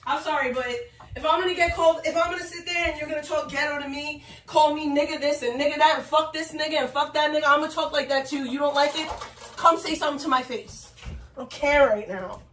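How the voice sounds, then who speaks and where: A woman's voice: sits high, fast talker, fairly bright tone, a little hiss or hum. A woman ranting profanely and taunting someone on a home livestream. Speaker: streamer. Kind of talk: angry livestream rant.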